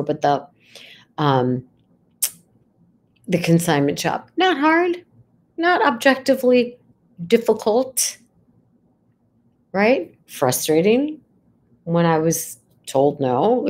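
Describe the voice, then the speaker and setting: A middle-aged woman with a mid-range voice talks through everyday frustrations in a relaxed, conversational way. She keeps checking in with her listeners and jumps up in pitch when she stresses a point. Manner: conversational, keeps asking "right?", rises sharply for emphasis. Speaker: psychologist. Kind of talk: reflective talk to camera.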